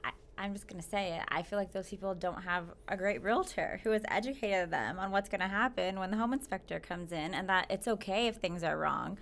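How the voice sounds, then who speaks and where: A woman's voice: medium pitch, fairly quick, vocal fry, hardly any pauses, a bit bright, a little hiss or hum. A woman real estate agent chatting casually in an interview, speaking frankly about her work.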